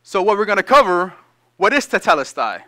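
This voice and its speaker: Bright-voiced preacher man, high and lively. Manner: reads scripture slowly then explains in lively casual asides. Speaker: pastor. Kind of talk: sermon.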